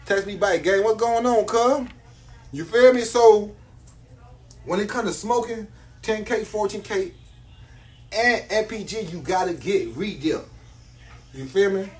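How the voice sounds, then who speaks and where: A man's voice: high-pitched, a little slow, pauses often. A man, selling jewelry on a phone live stream, boastful and slangy, repeating his hype lines.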